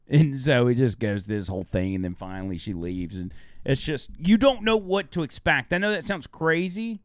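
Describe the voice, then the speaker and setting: A man's voice: normal speed, no echo, clean studio sound. A man co-hosting a radio show, casually chatting and telling stories animatedly. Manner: animated storytelling, high voice for quoted women. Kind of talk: casual chat.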